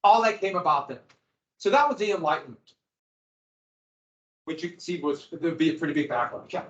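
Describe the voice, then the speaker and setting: A man with a slightly high, somewhat bright voice speaks expressively and fairly quickly as he teaches a history class. His lecture to the students is conversational and loose, heard through echoey, dull lo-fi classroom audio.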